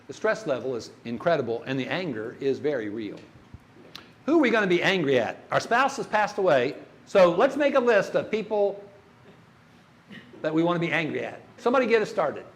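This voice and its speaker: Older man, church workshop speaker, folksy storyteller, slightly high voice. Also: big pitch swings, fairly quick. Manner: folksy storytelling, asks the audience questions.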